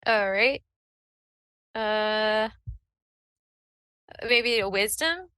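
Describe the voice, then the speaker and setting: Woman player, eager and playful, bright tone, dry close sound. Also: medium pitch, drawn-out words, smooth, no echo. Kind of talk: playing a character in a tabletop game.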